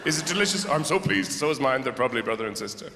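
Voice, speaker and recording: A man putting on a soppy young lover who coos sweetly over dinner, low and soft. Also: animated, racing, natural voice. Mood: cooing. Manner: soft, sugary, cooing. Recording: echoey hall with background noise.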